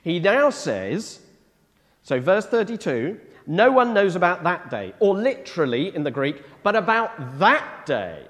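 Chatty preacher in a reverberant church. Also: male voice, high-pitched, sing-song, measured pace, a bit bright. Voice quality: conversational, asks the congregation questions. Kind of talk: sermon. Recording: long reverb of a church hall.

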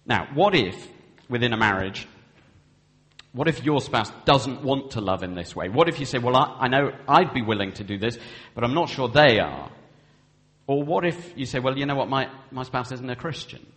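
A man's voice: mid-range voice, expressive, moderate pace, a bit bright. Man preaching in an echoing hall. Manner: earnest, acts out vows in quoted speech. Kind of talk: sermon on marriage. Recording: long hall reverb.

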